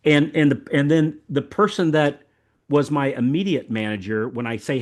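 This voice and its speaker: With a slightly high voice and a moderate pace, this older podcast host from the American South chats casually. His talk is rambling and folksy, and he repeats words frequently along the way.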